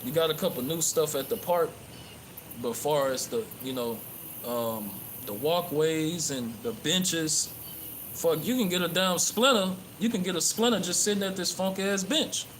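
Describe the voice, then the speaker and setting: A man with a slightly high voice preaching off the cuff outside in a park, swearing freely and stumbling through fillers and restarts. Clear outdoor noise runs under his voice. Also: measured pace, a bit bright, poor audio. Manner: profane, rambling with many fillers and restarts. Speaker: religious livestreamer. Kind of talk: casual street preaching.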